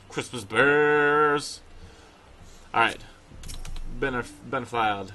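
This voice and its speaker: A man hosting casual gameplay commentary, excitable and swearing casually as he plays. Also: medium pitch, slow pace, pauses often, a little hiss or hum. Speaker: host.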